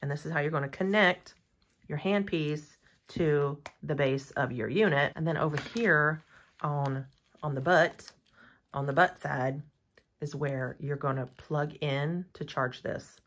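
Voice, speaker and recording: A woman's voice: low-pitched, a little slow, fairly bright tone. A woman doing a casual unboxing review of nail gear, chatty and gushing, with rambling asides. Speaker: nail content creator reviewing a product.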